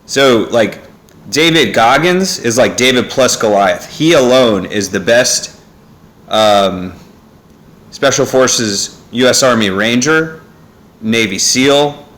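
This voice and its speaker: A man's voice: lowish voice, a bit bright. A young man rambling at home in a casual monologue, full of fillers and asides, recorded on a phone. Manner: meandering, with frequent fillers and asides. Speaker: vlogger. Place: family home, indoors. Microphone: phone on a neck holder.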